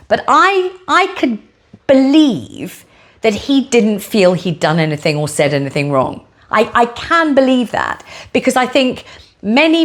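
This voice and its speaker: A woman host giving her opinion in a lively monologue. Her pitch moves a lot, rising high on emphasis. She draws out key words slowly for effect. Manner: lively storytelling delivery.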